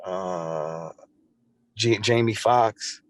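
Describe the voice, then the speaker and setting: A man's voice: low-pitched, extremely slow, no echo. Earnest man telling a story, dry sound. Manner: earnest, repeats and restarts phrases while recounting. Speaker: podcast guest. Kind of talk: conversational storytelling.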